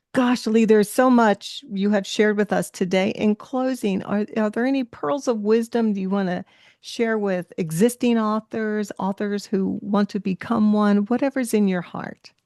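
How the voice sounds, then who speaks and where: A woman's voice: medium pitch, measured pace, a little mellow, no echo, clean studio sound. A woman hosting a podcast interview, talking in an effusive, encouraging way and sharing a personal story. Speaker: podcast host.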